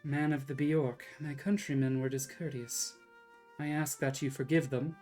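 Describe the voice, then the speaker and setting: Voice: medium pitch, level tone, moderate pace, a little mellow, faint music behind, lightly acted. Casting: formal, courteous young prince in a fantasy game, voiced by a streamer. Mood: apologetic. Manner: formal, polite. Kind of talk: reading game dialogue aloud.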